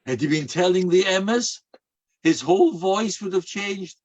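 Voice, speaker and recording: Husky older rabbi telling stories. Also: male voice, high voice, unhurried, lo-fi sound. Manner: animated, acts out quoted voices. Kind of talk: storytelling sermon.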